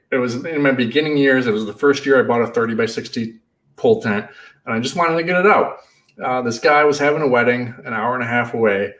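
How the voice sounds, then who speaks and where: A man who runs a party rental business, telling stories in a casual, animated way and acting out the shouting in them. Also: medium pitch, far from the mic. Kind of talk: casual storytelling.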